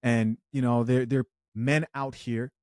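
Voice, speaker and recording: A man hosting a reaction commentary, talking in a measured, hedging way with disclaimers. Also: mid-range voice, little pitch movement, darkish tone, dry recording, studio quality. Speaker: commentary host.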